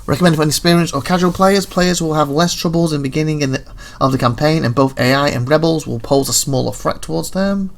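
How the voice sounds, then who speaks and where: A man's voice: fairly high pitch, creaky. A man hosting a gaming video, rambling and thinking aloud as he reads through game menus. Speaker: gaming channel host. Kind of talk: casual gameplay commentary.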